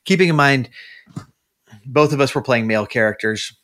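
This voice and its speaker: A man's voice: mid-range voice, normal speed, a bit bright. A man with a mid-range voice rambles through a long story in casual podcast chat. He restarts sentences often and leans on fillers as he goes. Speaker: podcast guest.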